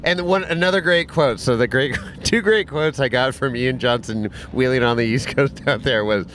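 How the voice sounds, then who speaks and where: A man's voice: mid-range voice, normal speed, few pauses, fairly bright tone, slight background noise. A man talking casually outdoors at a desert camp, swearing freely and rambling with restarts. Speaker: guest, off-roader and camp host. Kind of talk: casual outdoor podcast chat.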